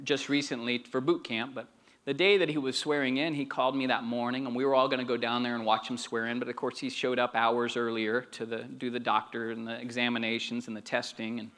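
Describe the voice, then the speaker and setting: A middle-aged pastor preaching a sermon, moving between quiet storytelling and emphatic calls to the congregation. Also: male voice, medium pitch, level tone, a little fast.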